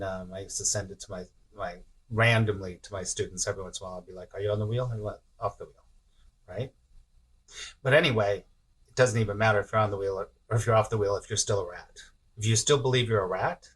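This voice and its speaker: Bright-voiced man, casual spiritual teacher. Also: lowish voice, slightly rough. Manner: casual, chuckles often, repeats himself. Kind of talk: live-stream talk reading viewer comments.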